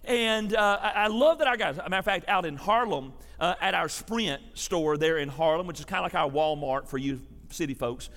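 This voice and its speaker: A man preaching a sermon as a pastor, folksy and animated, with a drawl and chatty asides. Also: on the high side, fairly quick, hardly any pauses. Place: church sanctuary. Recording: long hall reverb.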